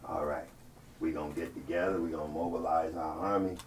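A man's voice: very deep voice, fairly even intonation, a little fast, voice pushed down. Preacher guy voicing a mad scheming king barking orders, kinda distant mic. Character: angry scheming enemy king, male, commanding. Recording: distant mic, faint ambient noise.

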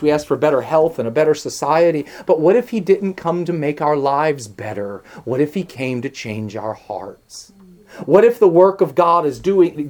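A preacher delivering a sermon, building through strings of rhetorical questions and slowing down hard on key phrases. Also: medium pitch. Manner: swings between soft hushed lines and raised emphatic ones; slows down sharply on key phrases.

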